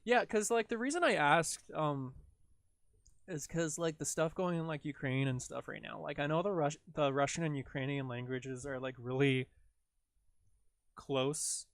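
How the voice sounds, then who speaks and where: A man's voice: a little high, measured pace, no room sound. A man with a Canadian accent chatting casually on a livestream while he edits video, rambling, full of "like" fillers and talking to himself as he works.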